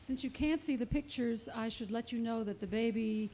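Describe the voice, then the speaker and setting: A woman children's author reading her picture book aloud in a clear, expressive storybook manner. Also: a little high, moderate pace, a little hiss or hum.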